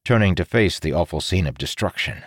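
A man narrating a fantasy story in an expressive, dramatic storytelling manner. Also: deep voice, a little fast, dry recording, clean studio sound. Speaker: audiobook narrator.

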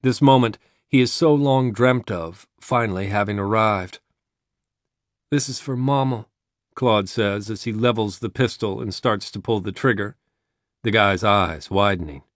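A man reading a dramatic story aloud in a measured narrating voice. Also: on the low side, no echo, clean studio sound.

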